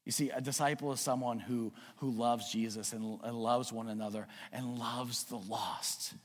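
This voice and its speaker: A man preaching a sermon, earnestly urging his congregation and telling a story in an animated way. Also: mid-range voice, moderate pace. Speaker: pastor. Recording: long reverb of a hall.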